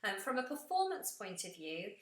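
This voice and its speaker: A woman's voice: mid-range voice, very animated, moderate pace, a bit bright. A woman coaching singing during a live feedback session, explaining technique and sometimes breaking into sung demonstrations. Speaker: vocal coach. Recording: roomy echo.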